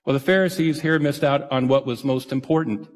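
A man's voice: mid-range voice, brisk. A male pastor giving a sermon in an earnest, conversational, self-deprecating way. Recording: reverberant church hall.

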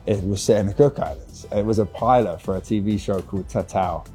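A male actor chatting casually as an interview guest, relaxed and stammering through restarts. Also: on the low side, brisk, faint music behind.

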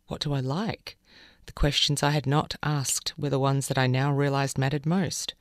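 A woman's voice: a bass voice, little pitch movement, moderate pace, a little hiss or hum. A woman hosting a weekend radio magazine show from a studio, welcoming listeners and reading newspaper columns aloud. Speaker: radio presenter.

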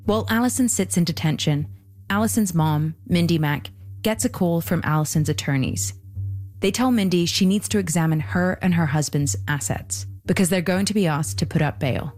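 Low-voiced woman narrating a documentary. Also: a little mellow, soft background music. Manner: measured, deliberate storytelling. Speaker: podcast host and narrator.

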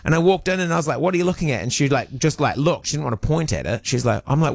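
Animated man telling a story. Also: fairly high pitch, racing, creaky, breathy edge. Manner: storytelling, animated, puts on voices. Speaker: radio co-host. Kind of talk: casual chat.

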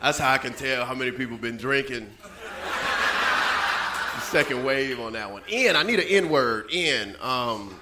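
A man's voice: mid-range voice, lively intonation, moderate pace. A man in his thirties performing a stand-up comedy set, chatting with the crowd and dropping frequent asides. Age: 30s. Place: comedy club stage. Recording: echoey club with background noise.

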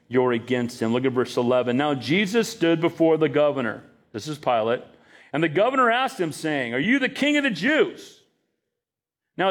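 A man pastor preaching a sermon with emphatic delivery, acting out the dialogue he quotes. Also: fairly high pitch.

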